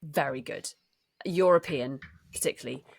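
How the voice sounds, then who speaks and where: A woman's voice: low-pitched, moderate pace, creaky, slightly rough. A woman in her forties co-hosting a podcast, talking thoughtfully and self-deprecatingly. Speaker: podcast co-host and voice actor. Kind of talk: casual chat.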